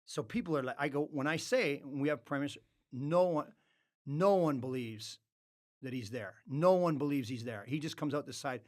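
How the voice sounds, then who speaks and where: A man's voice: a little high, moderate pace, no echo, clean studio sound. Profane man telling stories. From Canada. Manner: animated, profane storyteller with loud outbursts. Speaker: podcast guest, former hockey player. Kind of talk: casual storytelling. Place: podcast studio.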